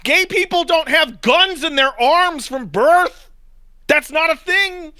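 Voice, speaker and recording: A man's voice: very high voice, expressive, slow, bright, forceful tone, no echo. A man co-hosting a casual podcast, blunt and profane as he rants. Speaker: podcast co-host.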